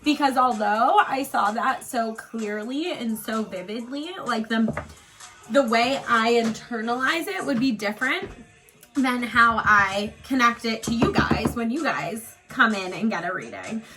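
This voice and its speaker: A psychic medium woman rambles through a personal story in a chatty, filler-heavy way, emotional at moments. Her voice is bright and forceful. Faint music plays behind her. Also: on the high side, measured pace, rough recording. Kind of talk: casual get-ready-with-me storytelling.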